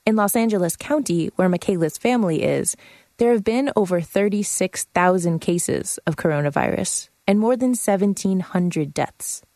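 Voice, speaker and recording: A woman narrating a radio feature in a measured, matter-of-fact scripted way. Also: mid-range voice, expressive, warm tone, dry recording.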